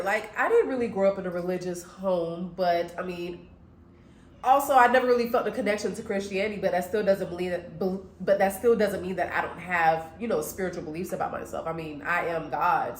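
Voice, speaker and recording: A woman from Florida co-hosting a casual chat, talking in a measured, conversational way with frequent fillers. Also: fairly low pitch. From Florida, USA. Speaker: podcast co-host. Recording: echoey room with faint noise.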